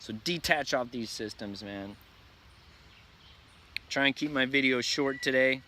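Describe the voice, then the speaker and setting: A man's voice: mid-range voice, unhurried, sharp tone, a little hiss or hum. A man delivering an intense, profane, repetitive ranting vlog monologue, preaching at his viewers. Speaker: vlogger.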